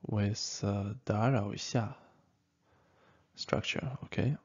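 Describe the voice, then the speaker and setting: A man gives a relaxed lesson at a very slow, halting pace, full of fillers and little "okay?" checks. His voice is gravelly and a bit husky. The recording sounds dull and lo-fi. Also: lowish voice. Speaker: language teacher. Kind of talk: casual spoken lesson.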